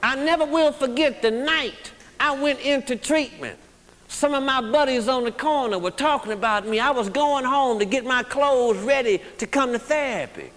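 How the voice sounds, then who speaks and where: A man's voice: very high-pitched, normal speed, fairly bright tone. A man speaking to a recovery group, blunt and emphatic, often checking in with the audience. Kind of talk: motivational recovery talk. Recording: long reverb of a hall.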